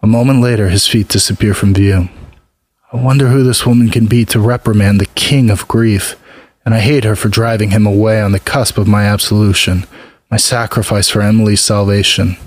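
A man narrating a first-person story in a subdued, even manner. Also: fairly low pitch, brisk, no room sound.

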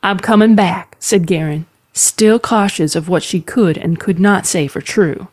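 A woman narrating a fantasy story in a calm, measured storytelling manner. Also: on the low side.

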